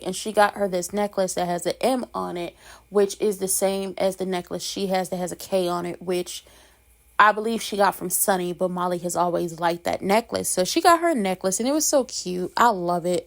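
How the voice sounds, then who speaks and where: A woman's voice: fairly low pitch, a little fast. A woman hosting a casual soap opera recap, talking in a sassy, emphatic, slangy way and giving strong opinions.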